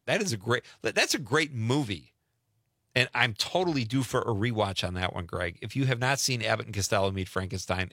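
A middle-aged man hosts a radio call-in show in a bright, forward voice, and his pitch jumps around a lot as he talks. He chats casually, laughs often and reads out listener messages. The sound is dry and close. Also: no echo. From Wisconsin.

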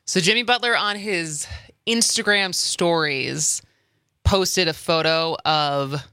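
A woman's voice: on the low side, takes it slowly, bright, forceful tone, clean tone, dry recording. A woman co-hosting a talk radio show, chatting casually and rambling with frequent laughs. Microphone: studio microphone.

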